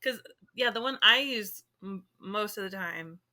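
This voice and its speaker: A woman co-hosting a podcast in casual chat, animated, acting out little scenes as she tells stories. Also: mid-range voice, measured pace. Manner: animated storyteller, acts out dialogue. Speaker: podcast co-host.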